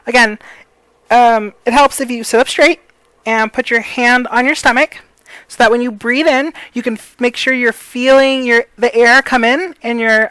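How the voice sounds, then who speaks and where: A woman's voice: fairly high pitch, a bit bright, clean tone, no echo, rough recording. Chatty woman voice teacher, dry close sound. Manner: rambling, many fillers, apologetic. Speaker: voice coach. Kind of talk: casual tutorial.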